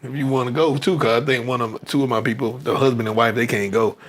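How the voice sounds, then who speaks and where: A man's voice: medium pitch, fast talker. A man hosting a podcast, chatting casually and loosely with plenty of slang and storytelling. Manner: slangy, says "man" often; animated storytelling. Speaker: podcast host. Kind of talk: casual chat.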